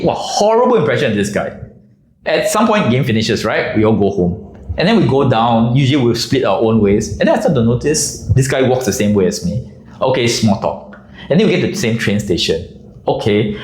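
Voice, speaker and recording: A man telling a comic story in a casual, animated way. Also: medium pitch, reverberant, poor audio. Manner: animated, drops into character voices.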